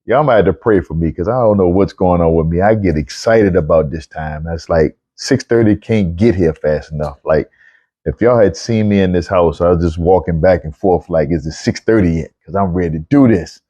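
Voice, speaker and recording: A man hosting a casual livestream Bible talk, chatty and excitable, often repeating himself as he greets viewers. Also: sits low, moderate pace, muffled recording. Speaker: online show host.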